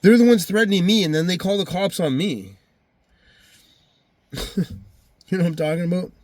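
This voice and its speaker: A man's voice: high-pitched, normal speed, a little mellow, no room sound. A man telling a heated, rambling personal story on his vlog, swearing constantly. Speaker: vlogger.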